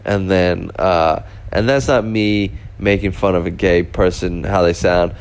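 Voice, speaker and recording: A man's voice: low voice, fairly even intonation, unhurried, smooth. A young man casually telling a rambling story, full of fillers and restarts. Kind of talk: casual anecdote.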